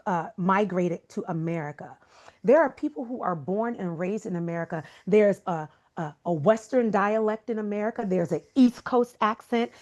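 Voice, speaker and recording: A woman's voice: medium pitch, a little mellow. A woman guest speaker giving an emphatic, preacher-like motivational talk full of rhetorical questions. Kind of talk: motivational talk on a video call.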